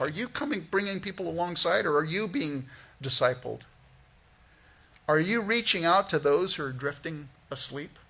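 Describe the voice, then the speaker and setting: A male pastor preaching a sermon in a church, talking conversationally with lively asides. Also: on the high side, creaky, slightly rough. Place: church sanctuary.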